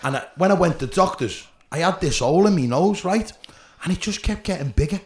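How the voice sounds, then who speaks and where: A man's voice: high voice, expressive, a little fast, roomy sound. Swearing Scouse man telling stories. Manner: swearing, storytelling, loud laughs. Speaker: podcast guest. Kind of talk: casual chat.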